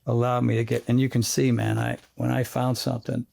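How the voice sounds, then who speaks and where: A man, a fitness trainer, chatting as an interview guest, telling animated, rambling stories peppered with sound effects. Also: medium pitch, fairly quick, vocal fry. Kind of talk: casual interview chat.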